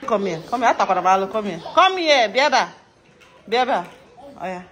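A woman's voice: mid-range voice, animated, a little fast, fairly bright tone. A woman vlogging casually at home, coaxing and calling her dogs and laughing often. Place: home indoors.

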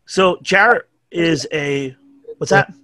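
A man's voice: a little high, slow pace, bright, forceful tone, no echo. A middle-aged man with a New York accent, telling rambling, profane stories as a podcast guest. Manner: profane, rambling anecdotes with acted-out quotes. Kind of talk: casual storytelling chat.

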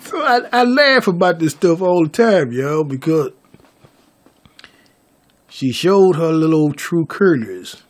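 A man's voice: a little high, animated, slow pace, long pauses. A man vlogging a story to his viewers, stammering through restarts and calling them y'all.

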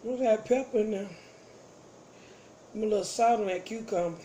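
A woman's voice: mid-range voice, moderate pace, dark tone, a little hiss or hum. A woman chatting casually with her viewers while eating on camera, playful and savoring each bite. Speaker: mukbang vlogger. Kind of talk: casual eating vlog chat.

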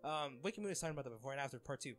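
A man's voice: medium pitch, expressive, racing, a bit bright. A young man reading fan comments aloud in casual chat, laughing often and getting flustered over names.

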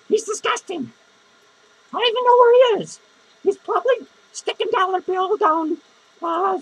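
Penny, a man doing a squeaky drunk clown lady. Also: creaky, heavily acted, rough recording. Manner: cursing constantly, rambling, grumbling. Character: foul-mouthed drunk lonely female clown. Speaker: podcast host character. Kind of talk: improvised comedy monologue.

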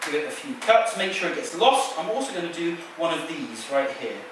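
Guy doing magic patter on stage, a bit higher voice, big echoey hall, mic far off. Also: sing-song, brisk, background noise. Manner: playful, teasing patter with a volunteer. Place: large theater stage. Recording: echoey theater sound from a distance.

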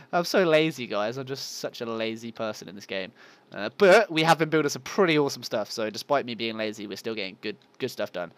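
A man's voice: mid-range voice, expressive, brisk, fairly bright tone, dry recording. A man giving casual, self-mocking let's play commentary and talking to his viewers. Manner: yelps at game monsters. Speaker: gaming channel host.

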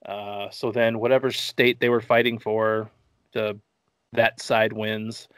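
A man's voice: lowish voice, flat delivery, takes it slowly, fairly bright tone, smooth, dry recording. A man hosting a casual movie-review podcast, rambling through the plot with jokes and swearing. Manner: joking, profane, rambling. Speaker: podcast host.

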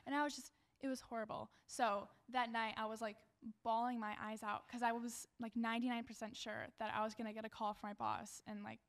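A woman's voice: on the high side, level tone, fairly quick, few pauses. A young woman co-hosting a student podcast, telling a work story in a chatty way and often saying "like". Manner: chatty, says "like" often, acts out quotes. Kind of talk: casual storytelling.

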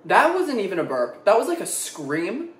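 A man's voice: high voice, huge pitch swings, moderate pace, a bit bright. A young man in a casual food-tasting vlog, talking dramatically and expressively, swearing freely as he reacts. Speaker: food vlogger. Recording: echoey room.

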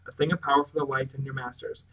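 A man reading the lines of a vast misty dark lord, cold, menacing and sibilant. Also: mid-range voice, level tone, fast talker, recorded from a distance, close to an everyday voice, rough recording. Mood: cold threat.

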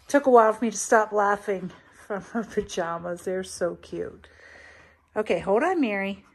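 A woman chatting to her dog in a pet vlog, cooing in a high sing-song voice and laughing often. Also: normal speed, slightly rough.

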